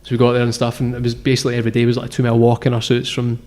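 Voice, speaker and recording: A man's voice: medium pitch, completely flat delivery, rapid-fire, a little mellow. A man, a guest founder telling his story in a casual interview, rambling with lots of fillers and restarts. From Scotland. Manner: rambling, filler-heavy, self-correcting.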